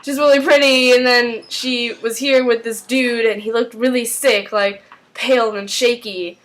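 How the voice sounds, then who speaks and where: A woman's voice: fairly high pitch, steady tone, a little slow, lightly acted. A woman quoting a chatty male cafe manager in her own voice, offhand and gossipy.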